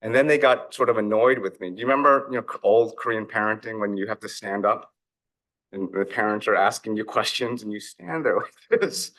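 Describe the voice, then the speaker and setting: A middle-aged man gives a keynote talk from the stage. His voice sits fairly low. He speaks reflectively and often acts out bits of family dialogue as he tells his stories. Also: fairly quick, a bit bright. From United States. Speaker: author and investor giving a keynote. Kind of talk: conference keynote speech.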